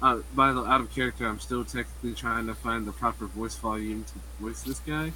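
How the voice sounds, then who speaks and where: A man's voice: medium pitch, fairly even intonation, brisk, bright, forceful tone, a little hiss or hum, low-quality recording. A man playing in an online tabletop game, chatting casually and laughing in a self-conscious way. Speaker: player.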